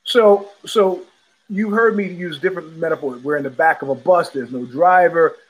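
Guy rambling through a story on his podcast, husky and kinda high for a man. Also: moderate pace, low-quality recording. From United States. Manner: rambling, with many restarts and repetitions. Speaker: podcast host. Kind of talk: casual storytelling monologue.

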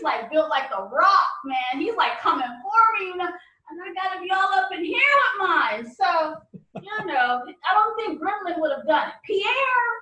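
A woman guest on a podcast interview, talking in a casual, animated way and laughing often. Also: very high voice, echoey room, recorded from a distance, low-quality recording.

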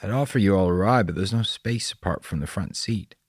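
A man voicing a weary middle-aged father who speaks gently and reassuringly. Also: deep voice, brisk, slightly rough, no room sound, clean studio sound.

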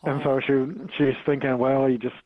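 A man's voice: medium pitch, flat delivery, a little fast, no echo. A man, a podcast guest, telling a personal story in a casual way, often stumbling, repeating words and chuckling as he goes. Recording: dull lo-fi audio.

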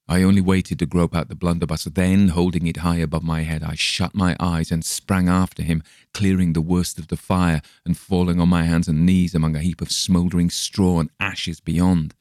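A man reading a classic story aloud as an audiobook narrator, measured and dramatic. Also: low-pitched, flat delivery, a little mellow, no room sound, clean studio sound.

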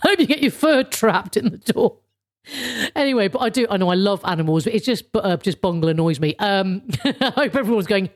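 A woman's voice: medium pitch, expressive, a little fast. A woman ranting casually to camera in a rambling, sarcastic way, swearing often and restarting her sentences. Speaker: vlogger.

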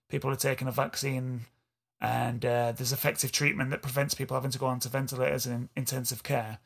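A man's voice: mid-range voice, gravelly, a bit bright. A man with an East Yorkshire accent, co-hosting a podcast in a rambling, self-deprecating casual chat. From England. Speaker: podcast co-host.

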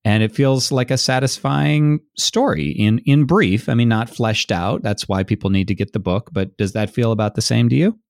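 A man's voice: mid-range voice, moderate pace, gravelly, few pauses, a little mellow, dry recording, studio quality. A man hosting a podcast interview, talking in a thoughtful, reflective way with frequent restarts. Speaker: podcast host. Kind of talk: conversational interview.

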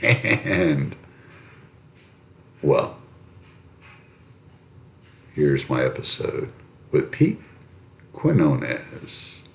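A podcast host with an extremely deep voice talks in a loose, rambling way and curses freely. His voice carries a roomy echo. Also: huge pitch swings, drawn-out words, creaky, long pauses. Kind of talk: casual podcast intro.

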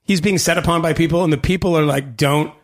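A man co-hosting a podcast in casual chat, an animated storyteller who acts out voices. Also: fairly high pitch, quick pace. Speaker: podcast co-host.

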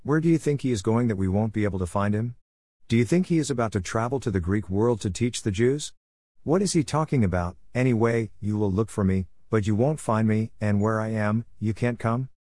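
Man reading puzzled male townsfolk, questioning, low dry voice. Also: fairly quick, a little mellow, dry recording, lightly acted. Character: doubting male townsfolk in a crowd.

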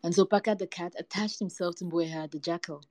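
A woman reading folktales aloud with a lively, varied storytelling delivery. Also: lowish voice, fairly quick, no echo, poor audio.

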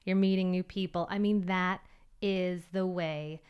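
A woman's voice: lowish voice, steady tone, unhurried, clean tone, dull audio. A woman hosting her own podcast as a personal trainer, chatty and upbeat, acting out her inner voices as she talks. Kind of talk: solo podcast talk.

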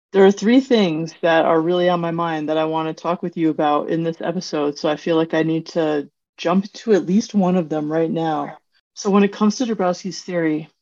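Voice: medium pitch, a little mellow. A podcast host with a mid-range voice asks curious questions and reflects earnestly. The talk is conversational and thoughtful. The recording sounds dull and lo-fi. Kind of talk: conversational interview.

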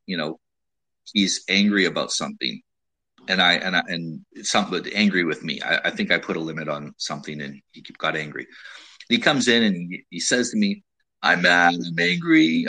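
Man, low-pitched, husky, casual advice talk, measured, repeats himself. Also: sharp tone, poor audio. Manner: measured, stumbling restarts and repeated words. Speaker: host giving dating advice.

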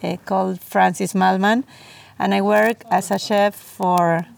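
A woman's voice: medium pitch, fairly even intonation, measured pace, vocal fry. A middle-aged Argentinian woman, a native Spanish speaker, answering interview questions in hesitant English as she searches for words. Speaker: chef, podcast guest.

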